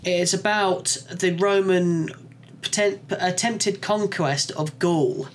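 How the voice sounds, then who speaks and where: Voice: mid-range voice, fairly even intonation, slow, a little hiss or hum. A podcast co-host in casual chat, enthusiastically recommending a show, swearing freely and using lots of fillers. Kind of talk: casual chat reviewing shows.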